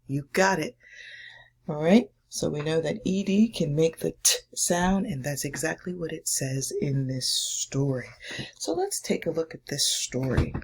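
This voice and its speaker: A woman teacher giving a slow, patient, encouraging phonics lesson and read-aloud to first graders. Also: sits low, husky.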